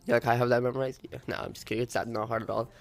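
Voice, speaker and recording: A young man's gameplay commentary, stuffy from being sick, loose and chatty, breaking into loud cursing when a race goes wrong. Faint music plays underneath his voice. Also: mid-range voice, very fast, vocal fry. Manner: swearing, animated outbursts at the game. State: sick, congested. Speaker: gaming YouTuber. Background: faint background music.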